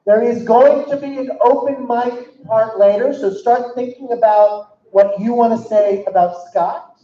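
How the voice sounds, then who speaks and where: A man's voice: extremely high pitch, unhurried. A man giving a cheerful, joking welcome speech to a crowd at an indoor event. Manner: upbeat, joking. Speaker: regional chief executive welcoming guests. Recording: echoey, dull hall recording from far off.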